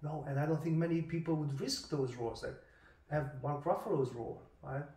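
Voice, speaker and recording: A man's voice: a little high, brisk. Opinionated man in a roomy room. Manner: animated, opinionated, swears casually. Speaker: podcast host. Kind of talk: casual conversational interview. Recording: roomy sound from a distant mic.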